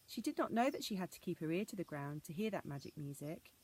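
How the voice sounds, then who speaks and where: A woman reading an old fairy tale aloud as a storyteller, in a measured storybook manner. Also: lowish voice, animated, husky.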